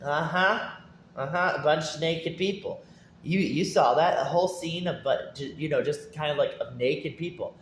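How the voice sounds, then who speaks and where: A man's voice: on the high side, moderate pace, a bit bright, reverberant, slight background noise. A man ranting to his viewers about video games. He rambles, repeats his words, laughs often and keeps asking if they follow. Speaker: gaming YouTuber.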